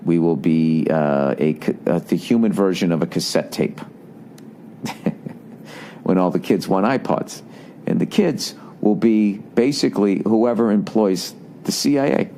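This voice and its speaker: Boston guy in his 40s ranting on his podcast, swears a lot, sarcastic, reading emails out loud, bit of hiss behind him. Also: sits low, measured pace. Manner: profane, sarcastic, animated ranting; reads listener emails aloud with running commentary. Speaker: podcast host. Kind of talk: rambling comedic monologue.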